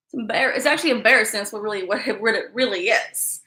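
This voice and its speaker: A woman's voice: fairly high pitch, fast talker, sharp tone, echoey room. A woman hosting a casual live stream from an upstairs room at home, chatty and apologetic, often calling her viewers "guys".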